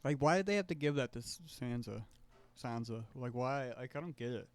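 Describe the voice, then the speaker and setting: A man's voice: medium pitch, expressive, brisk, clear, resonant tone. A man co-hosting a podcast, talking in a laid-back, joking way with plenty of swearing. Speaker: podcast co-host. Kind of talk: casual chat.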